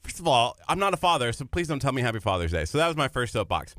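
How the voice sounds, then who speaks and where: Lively bright-voiced young radio co-host man. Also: medium pitch, quick pace, dry recording, studio quality. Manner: animated storyteller, ranting in jest. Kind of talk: casual morning radio banter. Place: radio studio.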